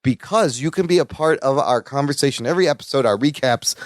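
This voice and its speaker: A man's voice: quick pace, no room sound, clean studio sound. A man co-hosting a podcast, recapping a sitcom episode in casual chat and acting out the characters' lines. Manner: animated, acts out characters' lines in high voices. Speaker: podcast co-host.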